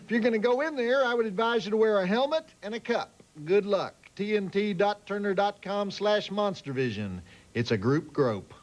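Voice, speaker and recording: High-pitched Southern man, deadpan host. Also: normal speed, lo-fi sound, slight background noise. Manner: drawling, deadpan jokes. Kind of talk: wisecracking late-night movie host.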